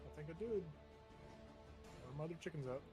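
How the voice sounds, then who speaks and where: A man's voice: a little high, lively intonation, quick pace, over music. A man running a tabletop game as game master, talking loosely and thinking aloud over the rules.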